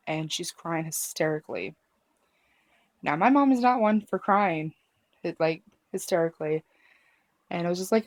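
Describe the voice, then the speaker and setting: A woman telling a personal story to camera in a halting, emotional way, with many fillers and restarts. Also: lowish voice, no room sound. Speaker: vlogger.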